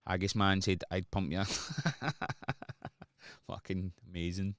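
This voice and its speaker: Low-voiced Scottish man bantering on stream. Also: slow pace, long pauses, no room sound, clean studio sound. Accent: Scottish, Glasgow area. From Scotland. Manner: joking banter with chat, rambling. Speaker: music producer streaming. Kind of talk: casual livestream chat while producing.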